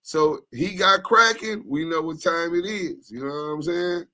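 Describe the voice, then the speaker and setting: A man's voice: a little high, a little slow. A man co-hosting a casual chat, telling a story in loose slang and acting out the people in it. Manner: animated, slangy storyteller acting out quoted voices. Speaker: co-host.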